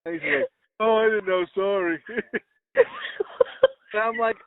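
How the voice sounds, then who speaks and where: A man's voice: high-pitched, lively intonation, measured pace, vocal fry, a crowd in the background. A man hosting a casual comedy podcast, telling rambling, profane stories. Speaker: podcast host. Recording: tinny phone-like call audio.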